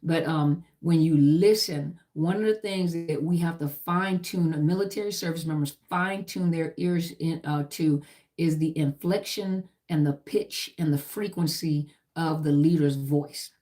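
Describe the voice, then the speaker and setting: A woman's voice: low-pitched, a little slow, mellow. A middle-aged woman who served in the army, teaching about trauma in an emphatic, repetitive lecture style full of lists and "you know".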